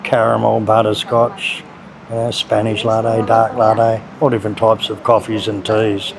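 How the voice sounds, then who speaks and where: There's a gravelly, lowish quality to this Australian man's voice, and he takes his time as he chats about a local cafe for his food vlog. It's relaxed, laid-back vlog narration with a crowd and cafe noise in the background.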